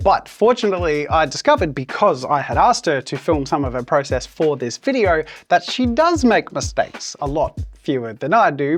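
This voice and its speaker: A man with an Australian accent chatting in an animated, self-deprecating way about his novel in a vlog. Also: a little high. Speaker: author and YouTuber. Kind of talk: casual vlog talk.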